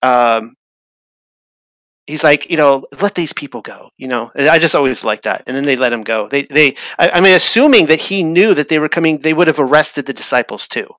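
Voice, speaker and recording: A man with a bright, forward voice talks through a Bible chapter on his podcast, recorded dry and close. He thinks aloud as he goes, restarting phrases and pausing with fillers. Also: on the high side, no echo, low-quality recording. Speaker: podcast host. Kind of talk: casual Bible study talk. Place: traveled to Israel.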